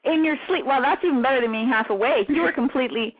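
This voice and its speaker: A woman guest on a radio interview, talking in an animated way with laughter breaking into her sentences. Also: sits high, fast talker, heavy background noise. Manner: animated, laughs mid-sentence, trails off in restarts. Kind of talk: casual radio interview chat. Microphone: phone. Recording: tinny phone line.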